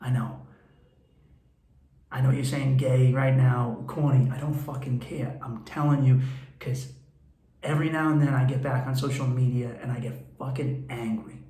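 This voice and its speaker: A man's voice: medium pitch, normal speed, pauses often. A man who is a comedian and podcast host, telling stories in a blunt, profane and candid monologue. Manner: profane, blunt, animated storytelling. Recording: roomy echo.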